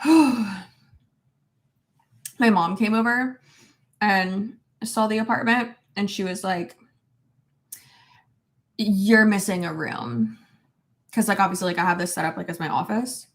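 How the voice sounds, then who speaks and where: A woman vlogger talks to her dog at home in an apartment room, scolding it in affectionate, exasperated baby talk. She speaks in a mid-range voice at a moderate pace with long pauses, and there's noticeable reverb.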